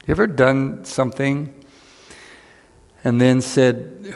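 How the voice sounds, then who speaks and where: Slow, gravelly-voiced man preaching. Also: medium pitch, fairly even intonation. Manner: slow, earnest preaching with dramatic pauses and repeated lines. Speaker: pastor. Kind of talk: sermon. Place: church sanctuary. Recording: church hall reverb.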